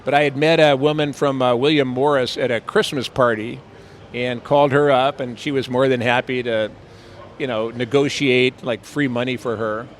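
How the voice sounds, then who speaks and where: An older man, an actor, rambles through stories during an outdoor interview on a city street, with frequent fillers and playful impressions. His voice is medium in pitch, steady, and moderately paced.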